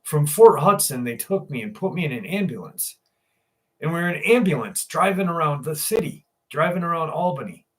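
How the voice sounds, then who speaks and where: A man voicing his confused, delirious elderly father in an earnest, rambling way, pitched higher than his own voice. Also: expressive, moderate pace, close to an everyday voice.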